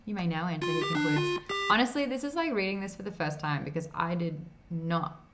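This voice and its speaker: Woman streaming an old game, reads the text out loud, goofy voices and little side comments. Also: on the low side, big pitch swings, moderate pace, loud music behind the voice. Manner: playful, reads in-game dialogue with put-on voices and asides. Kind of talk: reading game text aloud while playing.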